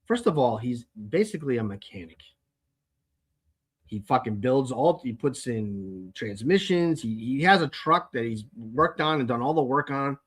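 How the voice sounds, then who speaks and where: A man's voice: mid-range voice, lively intonation, moderate pace, slightly rough. A man hosting his own show, telling a long story in an exasperated, profane rant and often repeating words as he talks. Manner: exasperated, heavy swearing, repeats himself. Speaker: podcast host. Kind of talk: casual ranting monologue.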